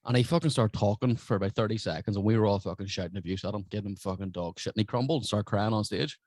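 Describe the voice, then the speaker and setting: A man's voice: fairly low pitch, fast, no echo. A man, a stand-up comedian, telling brash, profane stories in casual podcast chat. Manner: swears constantly, brash and animated.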